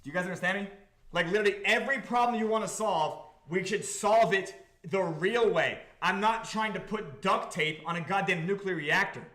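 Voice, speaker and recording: A man hosting a livestream about his crypto project, talking to the chat in an excitable, profane, repetitive way. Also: high voice, normal speed, echoey room. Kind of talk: livestream talk to a chat audience.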